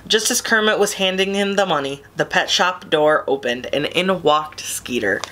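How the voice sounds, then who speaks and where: A woman reading a children's picture book aloud in a gentle, steady storytime voice. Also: fairly low pitch, normal speed, noisy background.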